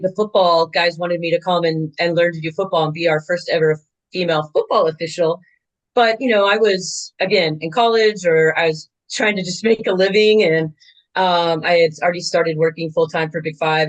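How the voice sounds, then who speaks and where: A woman in her sixties, a veteran softball umpire, telling game stories in a chatty, animated way with lots of fillers. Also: lowish voice, muffled recording. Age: 60s. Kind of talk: casual interview storytelling.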